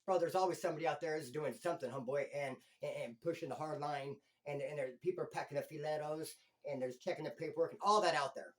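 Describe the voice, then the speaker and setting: A middle-aged man hosting his own channel, telling a story in street slang and swinging between loud and hushed. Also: fairly high pitch, fast, few pauses. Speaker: YouTube channel host. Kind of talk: storytelling monologue.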